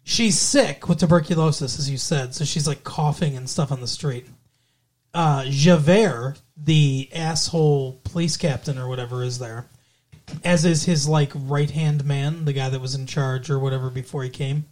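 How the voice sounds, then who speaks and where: A man co-hosting a podcast, retelling a film's story in a loose, rambling way. He leans on fillers and swears freely, and his voice sits in a middle pitch. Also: steady tone, normal speed, darkish tone. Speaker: podcast co-host. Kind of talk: casual chat recapping a movie.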